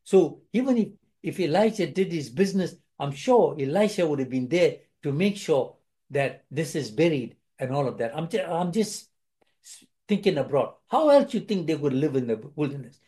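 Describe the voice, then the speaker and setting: A man preaching a sermon, his pitch rising and falling widely as he retells a scripture story. His voice is on the high side for a man yet mellow and dark in tone. He restarts phrases often and acts out the quoted lines himself. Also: expressive, moderate pace.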